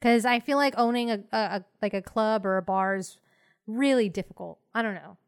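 A woman hosting a podcast, chatting casually with friends, laughing often and filling pauses with "like". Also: medium pitch, smooth. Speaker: podcast host. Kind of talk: casual chat.

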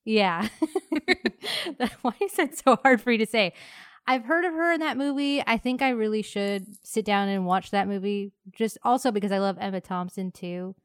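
A woman's voice: mid-range voice, normal speed, clear, resonant tone, no room sound, studio quality. A woman from Texas co-hosting a casual movie chat, rambling with lots of restarts. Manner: rambling, many fillers and restarts, laughs often. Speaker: podcast co-host.

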